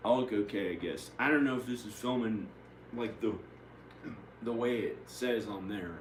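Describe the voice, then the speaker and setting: A man's voice: fairly low pitch, moderate pace. A man talking to the camera in a rambling personal monologue, restarting and trailing off. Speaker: vlogger. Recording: echoey room, mic at a distance, faint noise.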